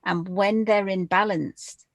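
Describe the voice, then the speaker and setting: A woman speaking as a guest in a spiritual podcast conversation, slow and deliberate, pausing often with fillers. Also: mid-range voice, steady tone, creaky, no room sound.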